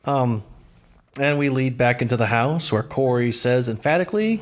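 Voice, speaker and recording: A man's voice: medium pitch, moderate pace. A man co-hosting a casual podcast, talking easily with frequent laughs and fillers. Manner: easygoing, laughs often, fillers like um and you know. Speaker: podcast co-host. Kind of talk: casual rewatch podcast chat.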